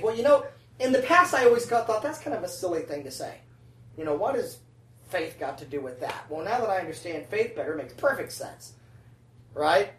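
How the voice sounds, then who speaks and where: A preacher giving a sermon in a chatty, conversational way, often checking in with the congregation with "right?" and "amen?". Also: mid-range voice. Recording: roomy sound from a distant mic.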